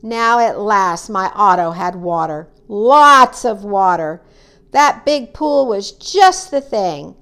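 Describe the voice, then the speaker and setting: A woman reading a children's story aloud, acting out the characters with high, excited cries. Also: takes it slowly, clear, resonant tone.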